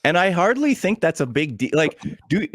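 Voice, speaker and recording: A man's voice: fairly high pitch, very animated, normal speed, dry recording, studio quality. A man hosting a podcast, talking casually and aggrieved about how he was treated, swearing often. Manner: aggrieved, heavy swearing, blunt. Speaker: podcast host. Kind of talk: casual uncensored podcast chat.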